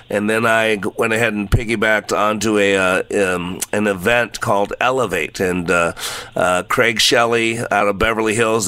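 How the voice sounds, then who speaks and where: A man hosts an inspirational radio talk show with bright, forceful energy. He speaks in a folksy, upbeat way, laughing often and leaning on "uh" fillers. The sound is dry and close, with no room in it. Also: medium pitch, smooth, no echo. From Texas.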